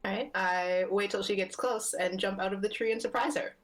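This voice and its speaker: A woman player in a tabletop role-play game, talking in a relaxed, casual way. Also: medium pitch, fairly quick, rough recording.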